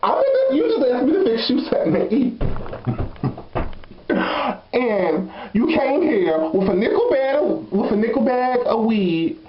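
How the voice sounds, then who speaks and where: A man's voice: very high-pitched, sing-song, a little slow, slight background noise, full character voice. A man voicing a sassy, blunt young woman who frankly tells a comic dating confession and laughs between lines. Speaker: storyteller. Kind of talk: comedic confession monologue. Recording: roomy, slightly dull recording.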